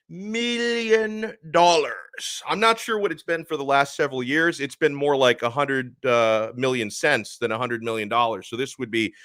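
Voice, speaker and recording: An animated man hosts a live sports talk stream, leaning hard on his points and reading out viewer comments. His voice is bright and forward, recorded dry and close with no room sound. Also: fairly high pitch, no echo. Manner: animated, emphatic, reads chat comments.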